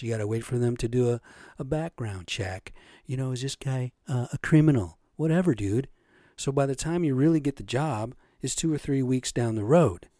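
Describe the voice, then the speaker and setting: A man's voice: medium pitch, mellow, no room sound, clean studio sound. A man ranting casually to his viewers, swearing a lot and tagging "right?" onto his points. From Native American. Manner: profane, agitated, keeps asking "right?". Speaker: vlogger. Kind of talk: casual rant to camera.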